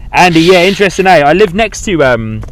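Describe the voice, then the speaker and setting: A man's voice: high-pitched, expressive, a little fast, a little hiss or hum. A man hosting a live plane-spotting stream outdoors at an airport, chatting in a rambling, easygoing way. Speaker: livestream host.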